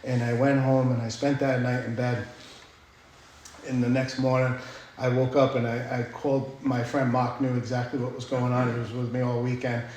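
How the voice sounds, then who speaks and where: A man's voice: mid-range voice, little pitch movement, normal speed, darkish tone. A man tells his recovery story in a blunt, profane, storytelling way, checking in with the listeners as he goes. His voice sits mid-range and rings through a very echoey room. A faint ambient hum sits behind him. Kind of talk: personal recovery talk.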